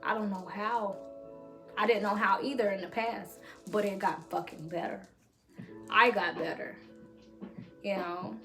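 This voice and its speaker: A woman's voice: medium pitch, steady tone, unhurried, pauses often, music in the background. A woman vlogger speaking candidly to camera, reassuring listeners with blunt, profane encouragement. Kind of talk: motivational talk to camera.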